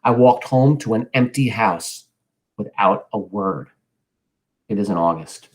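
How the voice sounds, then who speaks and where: A man's voice: lowish voice, a little slow. A man teaching a class, reading a novel aloud and stopping often to explain it, ask questions and comment earnestly. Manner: earnest, occasionally loses his place.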